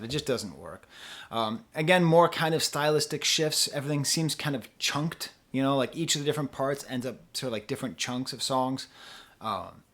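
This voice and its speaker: A man's voice: medium pitch, fairly bright tone. A young man talking through an album review off the cuff, with rambling asides and self-interruptions. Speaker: music reviewer. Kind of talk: casual unscripted review.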